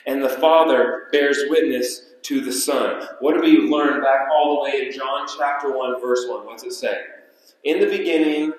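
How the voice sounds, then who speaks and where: A man preaching a sermon as pastor, with emphatic delivery that repeats key phrases and slows down for weight. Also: mid-range voice. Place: church sanctuary. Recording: echoey church hall.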